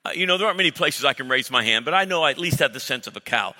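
A middle-aged male pastor preaching a sermon in a blunt, emphatic way, breaking into loud acted-out exchanges. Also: medium pitch, expressive, very fast. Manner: emphatic, blunt preaching with sudden loud mock-dialogue bursts. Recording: reverberant hall.

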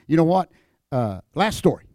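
An older man with a drawl preaches to a church congregation in a folksy, emphatic way. His voice sits a little high, and the sound is dry and close. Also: big pitch swings, normal speed, no echo. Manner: folksy, emphatic preaching that drops to hushed prayer. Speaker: guest speaker, former wrestler. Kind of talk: evangelistic church talk.

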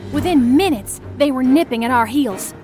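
A woman narrating a first-person audio story, expressive, acting out the shouted lines. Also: high voice, normal speed, faint music behind.

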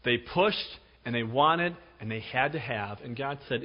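A middle-aged man preaching a sermon, telling stories with emphasis and dropping to a hush for effect. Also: mid-range voice, moderate pace. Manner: storytelling, emphatic, with dramatic drops to a hush. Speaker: pastor. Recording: dull recording with long hall reverb.

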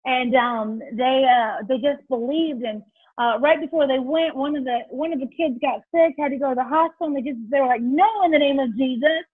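Brief: high-pitched woman, animated storyteller, dry phone-like sound. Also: a little fast, husky, dry recording. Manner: animated storyteller, acts out quotes. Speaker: guest, children's ministry leader. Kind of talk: storytelling in a faith interview. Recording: tinny phone-like line.

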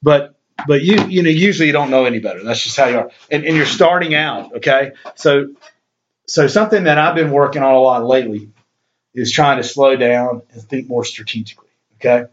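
A man's voice: mid-range voice, fairly quick. Rambling, laid-back man on a podcast. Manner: rambling, laughs often, fillers like dude and you know. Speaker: podcast guest author. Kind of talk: casual podcast chat. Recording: dull lo-fi sound.

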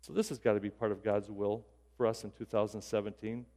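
A man's voice: lowish voice, steady tone, fairly quick, dark tone, in a large hall. A male pastor giving a sermon in a casual, conversational way, often restarting his sentences. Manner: conversational, self-deprecating, with repeated restarts.

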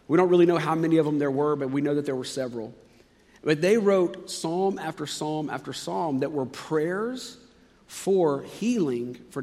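A man preaching with a slightly higher voice, telling the story dramatically and dropping from excited, loud bursts to soft, hushed lines. His voice carries a long reverb, as in a large church hall. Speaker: pastor. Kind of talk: sermon.

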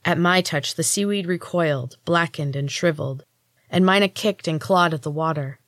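A woman's voice: sits low, moderate pace, a bit bright, no room sound, clean studio sound. Woman reading a story aloud. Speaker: storyteller, podcast host. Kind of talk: scripted first-person audiobook narration.

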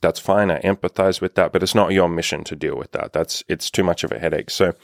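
Low-voiced blunt male dating coach. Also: steady tone, fairly quick, creaky, no room sound, clean studio sound. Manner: blunt, profane, lots of "like" fillers. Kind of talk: casual monologue advice.

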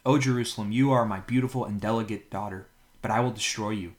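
A man hosting a Bible reading podcast, reading scripture aloud at a steady pace and now and then stumbling over a word and correcting himself. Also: on the low side, fast talker.

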